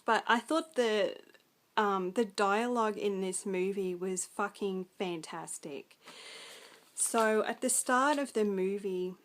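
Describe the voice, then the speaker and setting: A woman's voice: medium pitch, slow. A young Australian woman with an Australian accent, rambling through a casual film review full of ums and likes.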